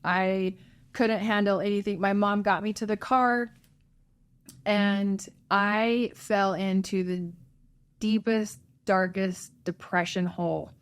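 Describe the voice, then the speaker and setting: Woman, interview guest, earnest, halting, voice drops low, medium pitch. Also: steady tone, clean tone. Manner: earnest, halting, voice dropping low at hard moments. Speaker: interview guest, birth mother. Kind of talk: emotional personal story.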